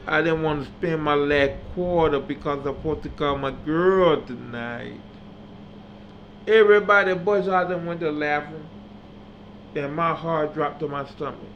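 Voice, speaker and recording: Man telling a story, slightly higher voice. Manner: animated, acts out dialogue, builds to loud emphatic peaks. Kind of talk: personal storytelling monologue. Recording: slightly dull audio with faint background hum.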